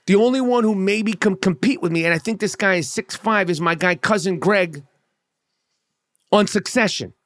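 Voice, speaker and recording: A man's voice: sits high, normal speed, a bit bright, dry recording. Brash swearing middle-aged man riffing. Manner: brash, boastful, rambling riffs with heavy swearing. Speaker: comedian telling a story. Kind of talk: profane comic storytelling.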